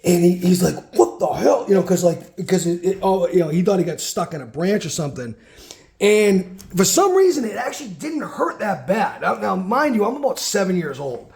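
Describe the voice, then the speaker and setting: A man's voice: high-pitched, very animated, brisk, vocal fry, a little mellow, roomy sound. A man casually telling a rambling childhood story while sorting through a card collection, breaking off for muttered asides.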